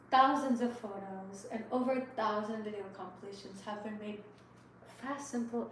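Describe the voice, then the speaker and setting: A woman in her thirties closing out a livestream from her home kitchen, talking softly and heartfelt, rambling with many fillers. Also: fairly high pitch, distant mic, a little hiss or hum. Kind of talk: casual livestream sign-off chat. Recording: echoey room, voice from off the mic.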